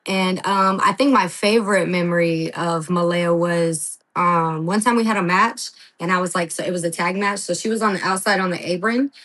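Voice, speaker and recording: A woman wrestler talking casually on a podcast, telling animated stories, acting out quotes, laughing and swearing freely. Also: lowish voice, moderate pace, hardly any pauses, rough recording. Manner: lively storyteller, acts out quotes, laughs, swears. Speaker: wrestling guest.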